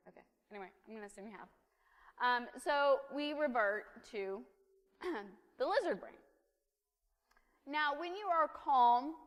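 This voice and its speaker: Chatty woman preaching in a reverberant church. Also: fairly high pitch. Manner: chatty and humorous, lively asides. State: caffeinated, fast-talking. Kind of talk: conversational sermon. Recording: long reverb of a church hall.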